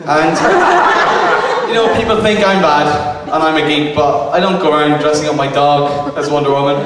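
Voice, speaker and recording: A man's voice: fairly high pitch, fairly even intonation, normal speed, a loud crowd. A man giving a comic lecture to a live audience, hesitant and self-mocking, full of ums and restarts. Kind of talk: stand-up style comic lecture. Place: arts centre venue with live audience. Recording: echoey hall recorded from far off, noisy.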